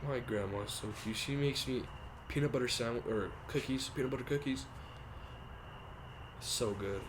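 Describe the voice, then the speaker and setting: A young man co-hosting a comedy podcast, goofy and quick to chime in with jokes, on a noisy recording. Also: mid-range voice. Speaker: podcast co-host. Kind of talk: casual comedic chat. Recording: noisy recording with a steady hiss.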